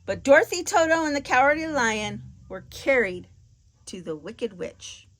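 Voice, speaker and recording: A woman reading a children's storybook aloud in a clear, expressive way. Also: sits high, normal speed.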